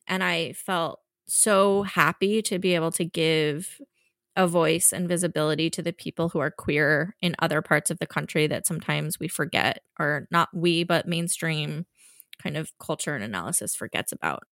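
A woman author speaks with open feeling and quick restarts. Her fairly low voice has a gravelly edge, and the sound is dry and close. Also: a bit bright, no echo. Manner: earnest, heartfelt, fast with restarts. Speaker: author guest. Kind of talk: emotional conversational interview.

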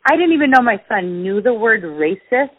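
A woman's voice: normal speed, breathy edge, no echo. A woman telling a personal story in conversation as a guest, vividly acting out the voices of others. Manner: animated, acts out quoted dialogue with big pitch jumps. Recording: dull lo-fi dry sound.

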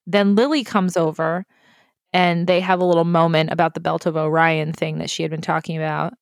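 Dry, lively woman recapping a movie. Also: sits low, creaky, no echo. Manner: animated, swearing, quick to laugh. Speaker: podcast co-host. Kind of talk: casual movie recap chat.

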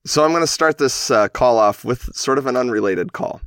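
A man's voice: medium pitch, normal speed, a bit bright, clean tone, no room sound, studio quality. A man in his thirties casually telling a long personal story on a podcast, rambling and correcting himself as he goes. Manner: rambling, self-correcting, chuckles while telling.

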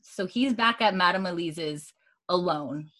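Recapping a TV episode for a podcast, a woman speaks a little slowly in a fairly low but fairly bright voice. She chats casually, performing the characters' lines and swearing and laughing along the way.

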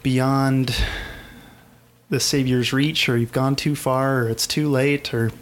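A man's voice: medium pitch, fairly even intonation, takes it slowly. A man co-hosting a podcast, chatting in a loose, joking, conversational way. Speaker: podcast co-host. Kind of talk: casual podcast chat.

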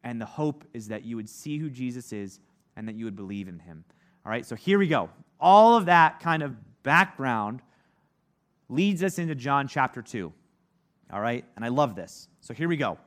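A man's voice: mid-range voice, expressive, normal speed, a bit bright. A man teaching a casual Bible lesson, talking conversationally with lots of "like" and acting out the people in the story. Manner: conversational, heavy use of "like", acts out quoted voices. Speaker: preacher.

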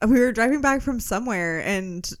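A young woman co-hosting a casual podcast, her voice high and swooping. She chats in a giggly, lively way, often laughing through her words. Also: moderate pace. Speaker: podcast co-host. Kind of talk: casual chat.

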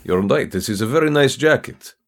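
A man's voice: mid-range voice, lively intonation, pitched above the performer's own voice, natural voice. A man playing a cold Russian mobster. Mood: cold, menacing. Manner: slow, cold, menacing. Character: cold Russian mobster, a boss's son, menacing.

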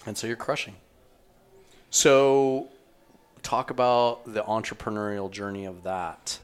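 A man in his thirties hosts a laid-back podcast conversation, his voice on the low side. He talks loosely and swears freely, recalling shared times before asking his guest a question. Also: unhurried, clean tone. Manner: relaxed, profane, recalls shared past with guest. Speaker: podcast host. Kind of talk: casual interview chat.

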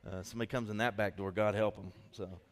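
Pastor guy preaching, kinda low voice, chatty storyteller, big echoey church hall. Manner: storytelling, animated and conversational, quick asides. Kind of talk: sermon.

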